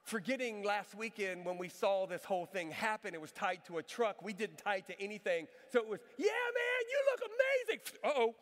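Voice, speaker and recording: A middle-aged male pastor with a notably high voice delivers a sermon in a large church hall, his words trailing off into a long reverb. He tells stories with lively humor and preaches with emphatic, rhetorical questions to the congregation. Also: fairly quick, few pauses. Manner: animated, humorous storytelling. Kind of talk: sermon with a personal story. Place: church sanctuary.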